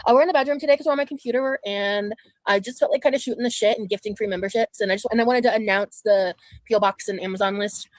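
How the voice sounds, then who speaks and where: A woman's voice: medium pitch, fairly even intonation, quick pace, dry recording. Woman, casual streamer chat, loose and laughing, dry close sound.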